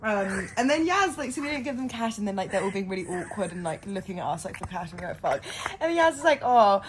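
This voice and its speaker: A woman's voice: medium pitch, very animated, a little hiss or hum. A young woman telling a story in a casual vlog, laughing and swearing as she goes. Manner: rapid, laughing, swearing, shy. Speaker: vlogger.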